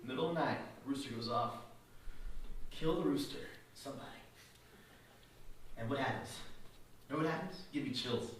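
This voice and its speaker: A male pastor preaching a sermon, telling stories with lively acted-out quotes and asides. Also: medium pitch, moderate pace, pauses often, a little hiss or hum. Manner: animated storytelling with voiced quotes and asides. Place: church hall. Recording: echoey hall from a distance.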